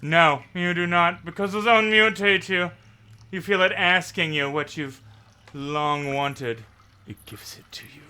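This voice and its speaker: A man's voice: high-pitched, unhurried, sharp tone, slight background noise. A man running a tabletop role-playing game as game master, describing scenes and leading the players.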